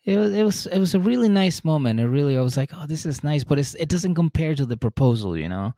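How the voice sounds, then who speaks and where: A man's voice: fairly high pitch, animated, fast, warm tone, no room sound, clean studio sound. A man co-hosting a podcast, recapping a reality show in a laid-back, rambling way. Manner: laid-back, rambling, acts out quotes in mocking voices. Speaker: podcast co-host.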